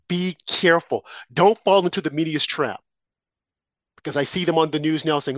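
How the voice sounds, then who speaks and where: A man's voice: fairly high pitch, brisk, dry recording, lo-fi sound. A man co-hosting a political talk show, delivering impassioned, preachy commentary full of rhetorical questions and warnings.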